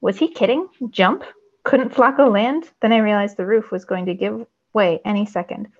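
A woman's voice: mid-range voice, moderate pace. A woman teacher reading a novel aloud expressively for her students, on a dull lo-fi recording. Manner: expressive storytelling.

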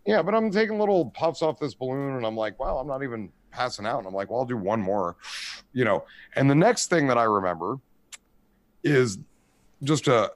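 A podcast host in his forties rambles through profane stories in casual chat, voicing the characters animatedly. His voice is mid-range and fairly quick, and the recording is dry.

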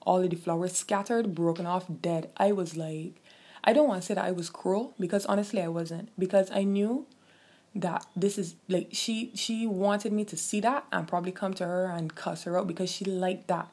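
A young woman, telling a personal story in a casual, animated and profane way. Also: fairly low pitch, normal speed, husky. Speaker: vlogger.

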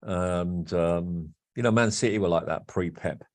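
A man's voice: deep voice, unhurried. A man, originally from Wolverhampton, chatting candidly and rambling a little as a podcast guest. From Wolverhampton, England. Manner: rambling, candid, repeats himself. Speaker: guest, band frontman. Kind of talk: casual podcast interview.

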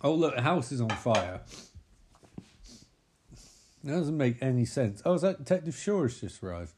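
A man's voice: medium pitch, very animated, moderate pace, darkish tone, a little hiss or hum. A man recapping a film in a sarcastic, sweary, mocking way, with exasperated sighs. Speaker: film reviewer.

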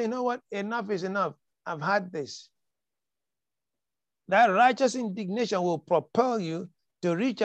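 High-voiced preaching man, emphatic. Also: no room sound. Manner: emphatic preaching, repeats key lines, quotes scripture dramatically. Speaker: pastor. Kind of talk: sermon.

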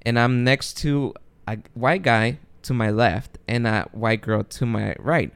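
A man hosting a podcast in casual chat, telling an animated story full of swearing and acted-out voices. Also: mid-range voice, a little slow, clean tone. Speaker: podcast host.

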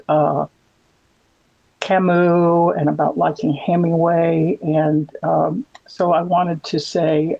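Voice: medium pitch, creaky, a little mellow, highs cut off. A podcast co-host chatting casually, rambling with many fillers and restarts. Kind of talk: casual chat.

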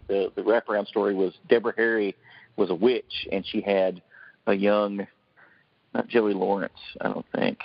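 A man in his forties, a panelist on a relaxed podcast roundtable, excitedly tells stories and performs the voices of the people he quotes. His voice is lowish and creaky, and the dry recording has a dull, lo-fi podcast sound.

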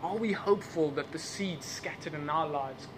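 Against a noisy background, a man with a fairly high voice preaches at a moderate pace in church. He's a second-language English speaker who asks questions over and over and laughs at his own asides.

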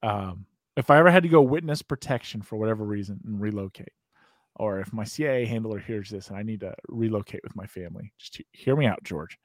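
This podcast host is an American man from the United States whose fairly low voice moves at a quick pace. The studio sound is clean with no room echo as he rambles through a long, profane story in casual conversation, laughing often.

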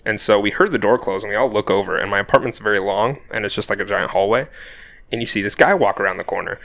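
A young man co-hosting a casual podcast. His voice sits low yet comes across bright and forceful. He tells stories animatedly and swears without a second thought. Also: quick pace, gravelly. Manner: storytelling, animated, swears freely. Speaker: podcast co-host. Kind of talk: casual chat.

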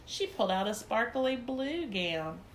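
A woman's voice: fairly high pitch, animated, unhurried. A woman narrating a children's story in first person, in a chatty, childlike little-girl voice. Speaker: audiobook narrator.

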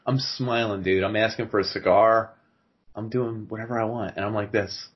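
A man's voice: lowish voice, steady tone, normal speed, husky, lo-fi sound. A man co-hosting a podcast in casual comedy chat, riffing playfully over the top. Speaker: podcast co-host.

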